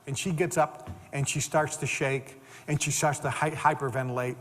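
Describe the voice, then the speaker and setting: An older man giving an animated storytelling talk as a motivational speaker, repeating words and acting out the people in his stories. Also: fairly high pitch, normal speed, hardly any pauses. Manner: animated, repeats words, acts out quoted dialogue. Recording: long reverb of a hall.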